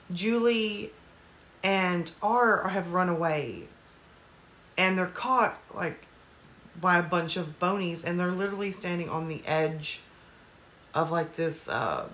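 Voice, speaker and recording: A woman's voice: on the low side, a bit bright. Chatty woman rambling through a plot recap. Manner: rambling, lots of "like" and "um", apologetic asides. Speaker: movie reviewer. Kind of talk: casual movie plot recap. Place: at home.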